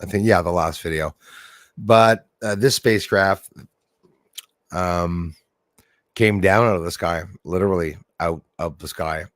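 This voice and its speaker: Canadian man, low-voiced livestream host, dry close sound, gets worked up and near-shouts when excited. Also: unhurried, pauses often, no echo. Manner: animated, exclaiming, builds to near shouts.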